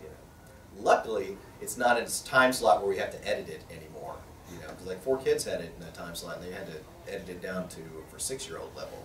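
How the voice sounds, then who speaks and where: A man tells stories from his voice-acting career in a lively, swinging voice, laughing as he goes. His tone is bright and forward. He sounds a little away from the mic, in a roomy space with a faint hum of ambience behind him. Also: low voice, quick pace. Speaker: voice actor at a convention press interview. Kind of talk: casual storytelling interview. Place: convention press room. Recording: roomy echo, mic at a distance.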